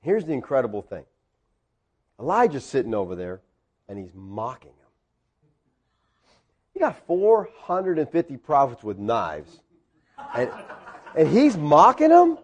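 A man preaching a sermon, telling a story with swings between quiet asides and loud peaks. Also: mid-range voice, sing-song, a little slow, long pauses, husky. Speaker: pastor.

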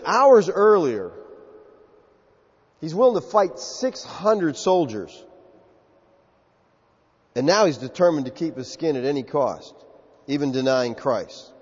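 A man's voice: a little high, darkish tone, slightly rough. A man with a Southern US accent preaching a sermon, emphatic and acting out quotes in character. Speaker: pastor. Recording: muffled, echoey hall.

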